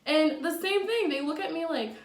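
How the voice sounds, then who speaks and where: A woman's voice: extremely high pitch, normal speed, recorded from a distance. A young adult woman vlogger telling a casual storytime, chatty and blunt, with lots of fillers and swearing. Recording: echoey room, from off the mic.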